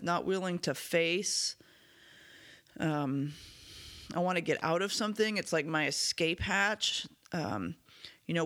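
Man, podcast host, a bit hoarse, fairly high voice, earnest, reflective. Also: sharp tone. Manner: earnest, candid, self-reflective. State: slightly hoarse, clears throat. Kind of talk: solo recovery podcast talk.

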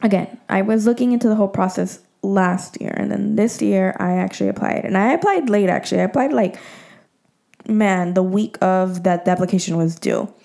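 A woman's voice: mid-range voice, a little fast, creaky, dark tone. A young woman in her twenties chatting candidly to her viewers, full of "like" and "um" fillers. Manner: candid and emotional. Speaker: vlogger. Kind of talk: casual chat to viewers.

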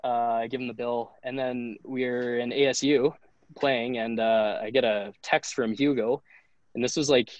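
A man's voice: medium pitch, fairly even intonation, a little slow, dry recording, lo-fi sound. A young man, a college hockey goalie guesting on a podcast, telling stories in a rambling way, full of fillers and acted-out quotes. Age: young adult. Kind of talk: casual storytelling chat.

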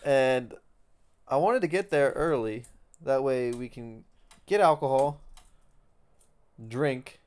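Male co-host, mid-pitched, blunt and dry, swears casually in relaxed banter. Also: slow pace, pauses often, clean tone. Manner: blunt, dry, profane remarks. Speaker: podcast co-host. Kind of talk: casual chat.

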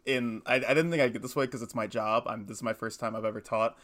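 A young man in his twenties chats on a podcast at a quick clip, his voice sitting at an ordinary middle pitch. He rambles, trips over words and restarts as he tells stories. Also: steady tone, a bit bright. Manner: fast, rambling, self-correcting storyteller. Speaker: podcast co-host. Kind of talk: casual chat.

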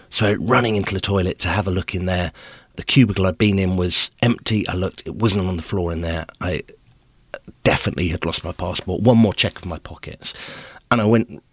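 A male podcast host telling a comic story about himself in an animated, self-deprecating way. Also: low voice, no room sound.

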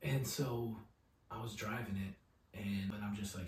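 A man co-hosting a podcast, telling a drunken story with heavy swearing and lively voice impressions. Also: on the low side, unhurried. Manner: profane, animated storyteller, mimics voices. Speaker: podcast co-host. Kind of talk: casual storytelling chat. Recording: roomy, distant mic.

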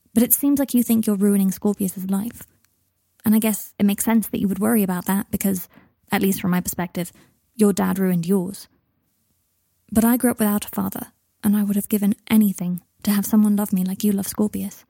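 A woman voicing an earnest young man in a storybook reading, gentle and sincere. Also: medium pitch, steady tone, fairly quick, creaky, no echo, clean studio sound. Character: young man writing a heartfelt letter.

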